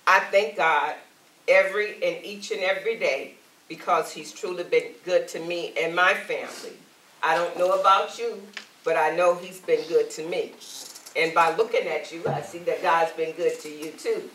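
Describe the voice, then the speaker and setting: A woman evangelist leads a sermon with a bright, forceful voice, pressing her listeners for answers. She sounds set back from the mic, and her voice rings around a roomy space. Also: fairly low pitch, distant mic, a little hiss or hum. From Alabama. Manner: calls out to the congregation, rising and emphatic. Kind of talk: sermon and prayer.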